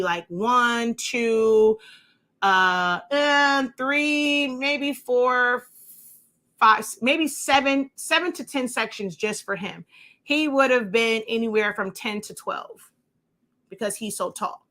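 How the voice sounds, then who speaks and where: Woman instructor, crisp bright voice, chatty and rambling, fillers and asides, home craft room feel. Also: mid-range voice. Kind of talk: casual show-and-tell tutorial.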